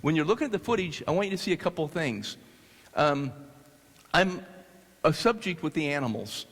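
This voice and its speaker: A man from the United States telling a story to an audience, animated and halting with restarts. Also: fairly high pitch. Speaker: speaker. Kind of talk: storytelling talk. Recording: long hall reverb.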